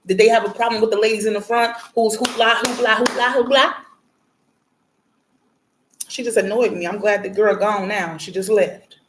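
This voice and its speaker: A woman's voice: mid-range voice, brisk, few pauses, a little hiss or hum. A woman hosting a spiritual reading and prayer message, talking casually and bluntly to viewers, swearing and laughing as she rambles. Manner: blunt and profane, laughing, animated when ranting.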